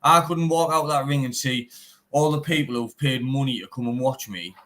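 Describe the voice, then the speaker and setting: Brisk and a bit bright, this young man's medium-pitched voice carries a Teesside English accent from England. A bare knuckle fighter, he answers a casual interview bluntly, swearing plenty and tacking "mate" onto nearly every sentence.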